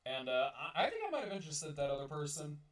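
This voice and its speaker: Male stream host, slightly high voice, loose profane rambling, recorded far off the mic. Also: big pitch swings, quick pace, reverberant. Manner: rambling and profane, with many restarts. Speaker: host of a live-streamed talk show. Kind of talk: casual live-stream chat.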